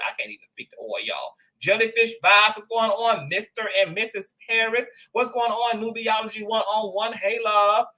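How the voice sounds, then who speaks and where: Male livestream host; bright, forceful, high voice, chatty and playful. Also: rough recording. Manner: animated, shouting out viewers, slang-heavy. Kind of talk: casual livestream chat.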